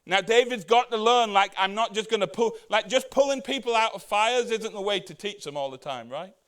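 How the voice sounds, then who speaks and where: A man with a high, expressive voice, fairly bright and clear with resonance, preaches a conversational sermon as pastor. He poses rhetorical questions to the congregation and acts out the Bible characters' words in quick voices.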